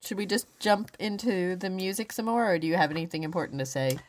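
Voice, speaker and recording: A woman's voice: lowish voice, lively intonation, fast talker, slight background noise. Dry, teasing woman co-host. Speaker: podcast co-host. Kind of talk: casual co-host banter.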